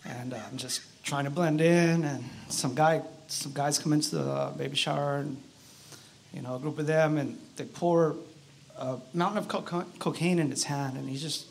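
A man tells his personal testimony at an outdoor church service in a gravelly, somewhat high voice. He speaks earnestly and haltingly and keeps reaching for "you know." Faint background noise sits under his words. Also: steady tone. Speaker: church member giving testimony.

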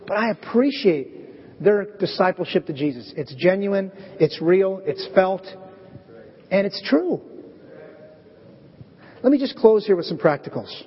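A man preaching a sermon as pastor, animated and acting out bits of dialogue in different voices. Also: high voice, slightly rough. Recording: echoey dull hall recording.

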